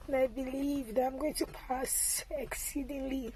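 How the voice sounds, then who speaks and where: A young woman in tears recording a quiet personal video diary and telling herself she will pass. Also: high voice, fairly even intonation, unhurried, a little hiss or hum, rough recording. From Nigeria. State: tearful, crying.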